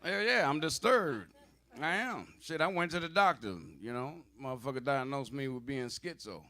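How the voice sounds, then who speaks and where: A man doing a profane, conversational stand-up comedy set on a club stage, slipping into gruff voices for arguing old men. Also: mid-range voice, normal speed, bright, forceful tone. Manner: profane, loose, conversational delivery with asides to the audience.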